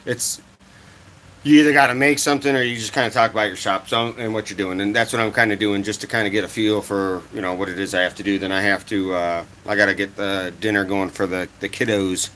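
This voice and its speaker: A man hosting his first casual woodworking livestream from a cluttered home office, talking in a halting, rambling way with lots of fillers. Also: fairly low pitch, fairly even intonation, bright, forceful tone, a little hiss or hum. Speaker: woodworking channel host.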